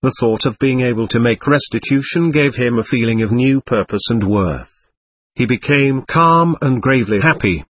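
A man narrates an audiobook with an earnest, storytelling delivery. His voice is slightly husky and moves lively through its pitch. The recording is dry and close. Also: normal speed, dry recording. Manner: earnest, storytelling, reads dialogue aloud.

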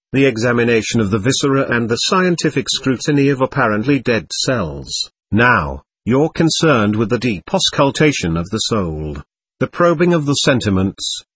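A man voicing a calm, resolute spiritual instructor giving lessons in an audiobook. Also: medium pitch, husky, dry recording. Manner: measured, resolute.

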